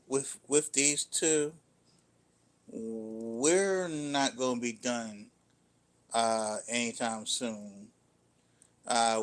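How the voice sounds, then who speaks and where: Male co-host, slow deliberate pace, skeptical reactor who signs off casually. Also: medium pitch. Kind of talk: live-stream reaction commentary.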